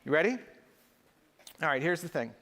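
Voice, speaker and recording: A middle-aged man delivers a live keynote in a large, echoey conference hall, rhetorical and emphatic as he works the audience. His voice is fairly high, sing-song and a bit bright, at a normal speed.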